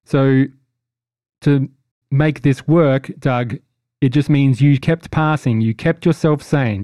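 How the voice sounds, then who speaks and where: A man's voice: medium pitch, fairly even intonation, slow pace, dark tone, no room sound, clean studio sound. A man running a tabletop game, recapping a session in casual podcast chat and teasing his players with jokes. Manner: jokey, teasing, rambling. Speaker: game master.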